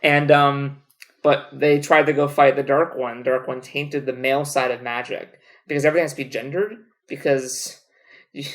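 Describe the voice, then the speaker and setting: A man's voice: medium pitch, steady tone, normal speed, fairly bright tone. A young man co-hosting a podcast, rambling through a book recap in a casual, joking chat with a lot of swearing. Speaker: podcast co-host.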